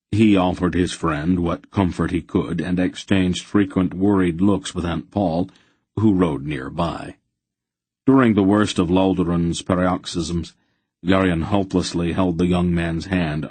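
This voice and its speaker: A man with a very low, husky voice narrates an audiobook in a steady, even manner. The recording is dry and close, with no room sound. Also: dry recording. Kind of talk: scripted narration.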